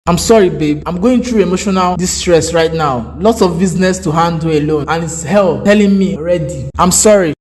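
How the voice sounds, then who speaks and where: A man's voice: fairly high pitch, brisk, hardly any pauses, a little mellow, in a large hall, lightly acted. A man voicing a hot-tempered rich Nigerian man. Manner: smooth with a date, harsh and insulting on the phone. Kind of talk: cartoon voice acting.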